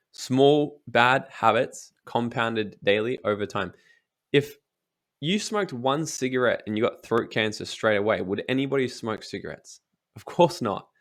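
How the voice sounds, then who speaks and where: A young man speaking as a guest in an interview, giving emphatic motivational advice and swearing casually. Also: mid-range voice. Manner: emphatic, swears casually, acts out quoted voices.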